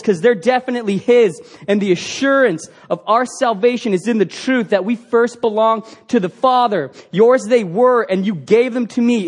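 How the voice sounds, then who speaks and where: A man preaching a sermon as pastor, earnest and emphatic, asking the congregation rhetorical questions. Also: high-pitched.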